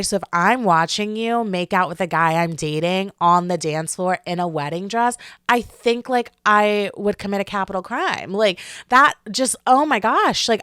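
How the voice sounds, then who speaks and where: A young woman hosting a solo podcast, talking in a chatty, animated way with lots of fillers. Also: lowish voice, clean tone, no room sound, studio quality. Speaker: podcast host. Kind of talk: casual solo podcast chat.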